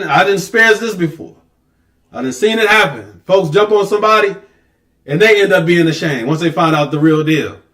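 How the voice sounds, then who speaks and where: High-pitched preacher guy, chatty but hammering his point, reads out bible verses. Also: fairly bright tone. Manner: conversational, emphatic, mocks excuses in lowered voice. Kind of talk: street-level sermon with scripture reading.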